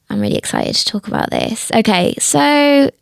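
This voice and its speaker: A woman's voice: fairly high pitch, wildly swooping pitch, a little slow, gravelly, no echo. A woman with a Northern English accent hosting a casual podcast chat, talking in an enthusiastic, chatty way. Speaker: podcast host.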